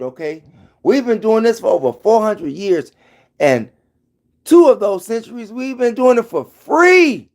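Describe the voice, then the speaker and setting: A man's voice: high-pitched, animated, measured pace. A middle-aged man giving an emphatic, preachy commentary vlog into his phone, hammering his points home by repeating them. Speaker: vlogger.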